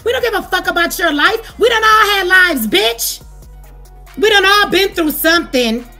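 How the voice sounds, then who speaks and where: A woman's voice: very high-pitched, expressive, normal speed, pushed and bright, faint music behind. A woman with an African American English accent giving a profane, heated commentary rant straight to her viewers. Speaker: commentary vlogger. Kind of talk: ranting commentary.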